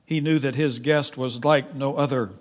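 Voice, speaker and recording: A man preaching a sermon in a church, emphatic, swinging from loud pleading to hushed, quiet tones. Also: medium pitch, steady tone, normal speed. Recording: long reverb of a large hall.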